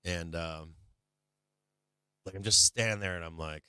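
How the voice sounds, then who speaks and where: A man's voice: low-pitched, measured pace, pushed and bright, smooth, no room sound, studio quality. A man hosting a live stock market stream, telling a rambling, profane story with lots of fillers between market remarks.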